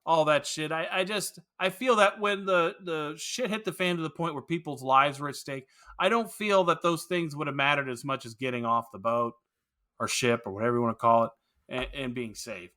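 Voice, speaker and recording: A man's voice: on the high side, normal speed, sharp tone. A man co-hosting a podcast, chatting casually and opinionatedly about a film and swearing freely. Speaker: podcast co-host. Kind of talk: casual movie review chat.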